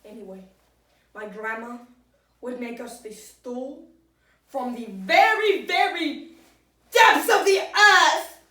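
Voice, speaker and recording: A boastful talk-show guest, as a woman puts him on, speaks in a high voice at an unhurried, drawn-out pace. The put-on rambles deadpan through absurd tales. It sounds caught from across an echoey room, well away from the mic. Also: far from the mic. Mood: rambling deadpan. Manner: rambling, deadpan, breaks into giggles. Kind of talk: improvised comedy sketch.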